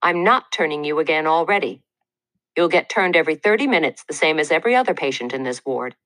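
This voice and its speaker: A woman's voice: deep voice, animated, fast, fairly bright tone, dry recording. A woman reading aloud voices a large, impatient female night nurse who scolds curtly. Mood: scolding. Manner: scolding, curt.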